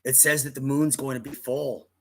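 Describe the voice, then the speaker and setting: A man's voice: medium pitch, fairly even intonation, moderate pace, a bit bright, a little hiss or hum, natural voice. A man doing an easygoing, friendly barfly. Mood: inviting. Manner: easygoing, inviting. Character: friendly male barfly inviting people to a party.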